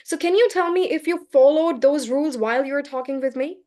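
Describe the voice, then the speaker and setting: A woman's voice: high voice, fairly quick, a little mellow. A woman teaching English pronunciation in a live online class, firmly correcting a student and explaining with examples over a video call.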